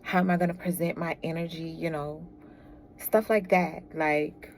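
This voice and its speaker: A woman's voice: low voice, fairly even intonation, normal speed, darkish tone, a little hiss or hum. A woman giving a casual tarot reading, chatty and laughing often as she talks to viewers. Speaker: tarot reader.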